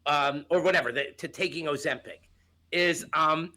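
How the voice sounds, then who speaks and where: Guy cohosting a chatty podcast, kinda high voice, jumps up when he gets excited. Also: normal speed. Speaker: co-host. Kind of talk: casual chat.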